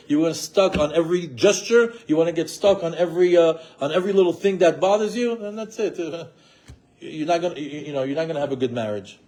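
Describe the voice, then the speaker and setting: Middle-aged male teacher, animated lecture delivery, slightly high, warm mellow tone. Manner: animated, rhetorical questions, acts out quoted spouses. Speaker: Torah teacher. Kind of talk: marriage class lecture.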